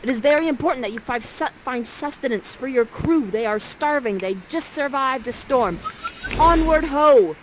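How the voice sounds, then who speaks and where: A woman's voice: a little high, moderate pace, hardly any pauses, a little hiss or hum, rough recording. A woman playfully narrating and directing players through a live play, coaxing and jokey, on a headset mic. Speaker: immersive theater performer guiding players.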